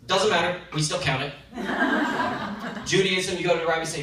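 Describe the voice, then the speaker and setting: A male stand-up comedian performing a self-deprecating set with animated punchlines on a comedy club stage. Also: high voice, normal speed, pauses often, recorded from a distance. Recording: echoey club recorded from afar, noisy. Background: audience laughter.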